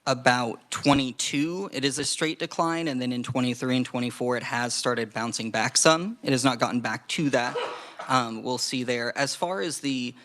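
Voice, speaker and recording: A man walks a legislative committee through testimony. His pitch sits mid-range and his delivery is measured, often pausing on fillers as he explains data. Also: a bit bright. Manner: measured, hedging with frequent fillers. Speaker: legislative staff presenter.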